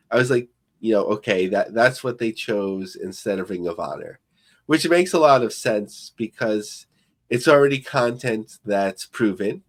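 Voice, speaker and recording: Low-voiced man, casual podcast co-host. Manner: rambling, filler-heavy and thinking aloud.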